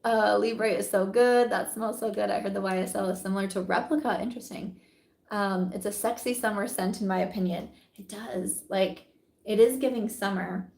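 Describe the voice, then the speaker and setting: Giggly woman chatting about makeup and perfume, mid pitch, echoey room. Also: steady tone, moderate pace, creaky, a little mellow. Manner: giggly, chatty, says "like" often. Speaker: beauty vlogger. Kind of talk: casual product review chat.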